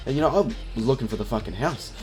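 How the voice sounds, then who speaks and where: Fast, foul-mouthed young man telling a story. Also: mid-range voice, lively intonation, soft background music. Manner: rambling, swears constantly, fillers like "you know". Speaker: vlogger. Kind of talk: casual storytelling vlog.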